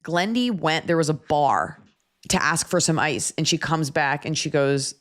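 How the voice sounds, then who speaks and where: A woman hosting a podcast, telling a story in a casual, animated way with profane asides. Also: deep voice, moderate pace. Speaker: podcast host.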